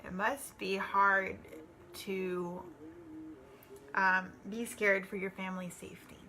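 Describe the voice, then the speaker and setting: A woman reading out a worksheet and working through an exercise, slow and hesitant with many pauses and ums. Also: medium pitch, little pitch movement, sharp tone, rough recording. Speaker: student reading coursework aloud.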